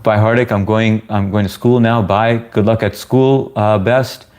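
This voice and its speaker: Chill guy w a lowish voice chatting w his livestream, casual and rambly. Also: steady tone, normal speed, a little mellow. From United States. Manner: laid-back, chatty, often says "man" and "bro". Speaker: live streamer answering chat.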